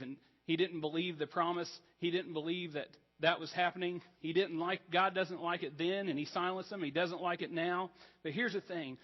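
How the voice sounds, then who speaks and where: A man's voice: fairly high pitch, in a large hall, highs cut off. A man preaching a sermon as pastor, conversational and earnest, with casual asides to the congregation. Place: church sanctuary.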